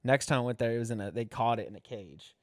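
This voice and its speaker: A man's voice: mid-range voice, quick pace, a little mellow, no room sound. Dry, close-miked profane male comedian. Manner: profane, laughing storyteller. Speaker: guest comedian. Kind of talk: casual podcast chat.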